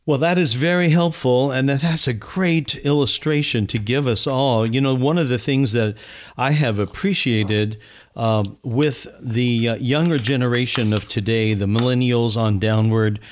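A man hosts a conversational interview. He asks his questions in a measured, reflective way, pausing to think as he goes. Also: medium pitch. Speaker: interview host.

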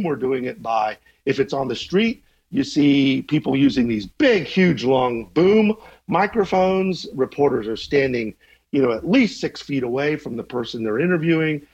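Gravelly fifty-something man, lo-fi sound. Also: medium pitch, expressive, normal speed, darkish tone. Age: 50s. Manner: thoughtful, restarts often, chuckles. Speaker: journalism teacher, guest. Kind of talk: conversational interview.

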